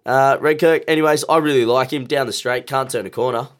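A man's voice: mid-range voice, fairly even intonation, brisk. Nasal man, joking banter. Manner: joking, laughs often. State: nasal from the flu. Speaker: podcast co-host. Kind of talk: casual banter.

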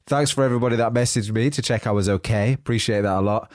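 A man's voice: fairly low pitch, quick pace, a little mellow, dry recording, studio quality, faint music behind. A man hosting a motivational podcast, speaking earnestly with a congested, blocked-nose voice. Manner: earnest, repetitive motivational phrasing. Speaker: podcast host.

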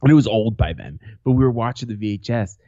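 A man's voice: lowish voice, animated, fast, warm tone, dry recording, highs cut off. Profane, laughing podcast co-host man. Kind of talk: casual podcast chat.

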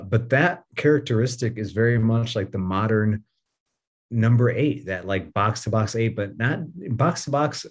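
Low-voiced man, a guest talking soccer. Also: darkish tone. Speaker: podcast guest. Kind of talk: casual soccer podcast chat.

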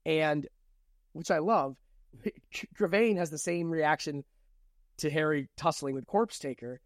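A man co-hosting a podcast, casually recapping and discussing a book in a relaxed, chatty way. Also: on the high side, slow, dry recording, clean studio sound. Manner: relaxed, chatty, laughs often. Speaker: podcast co-host.

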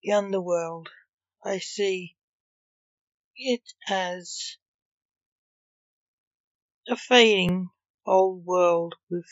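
A woman, the author, reading her own story aloud in a measured, deliberate way. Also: medium pitch, no echo. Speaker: author and reader. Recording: dull lo-fi recording.

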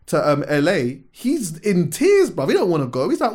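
A man co-hosting a podcast, retelling a show in animated, slangy casual chat. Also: fairly high pitch, moderate pace, few pauses. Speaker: podcast co-host.

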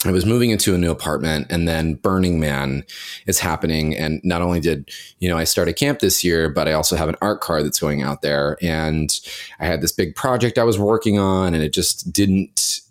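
A man's voice: deep voice, normal speed. A man who teaches yoga, co-hosting a podcast in a chatty, open way, his voice nasal from a cold. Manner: chatty, open, says like a lot. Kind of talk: casual chat.

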